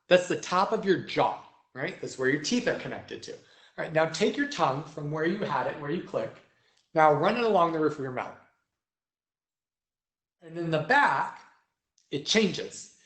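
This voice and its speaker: A man's voice: fairly high pitch, big pitch swings, normal speed, pauses often, a bit bright. A young man teaching vocal technique to a choir, explaining step by step and often checking in with "right?". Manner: sings vocal demonstrations. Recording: roomy echo.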